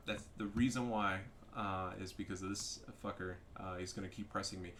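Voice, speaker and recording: Bright-voiced, excitable male game commentator. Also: on the low side, a little fast, hardly any pauses, slight background noise. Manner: excitable, profane, gets loud at big moments. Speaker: gaming commentator. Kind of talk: casual gameplay commentary.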